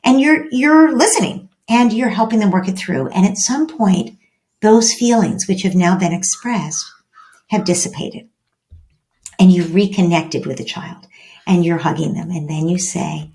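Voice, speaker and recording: A woman giving parenting advice as an expert guest on a podcast. She explains at length, often ends points with "right?", and acts out gentle dialogues between parent and child. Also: lowish voice, moderate pace.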